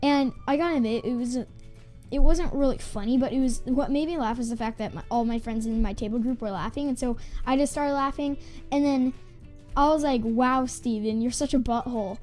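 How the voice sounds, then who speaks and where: A woman's voice: high-pitched, a little fast, dark tone, faint music behind. A female gaming channel host telling a school story in a casual, rambling way, full of "like" fillers and restarts.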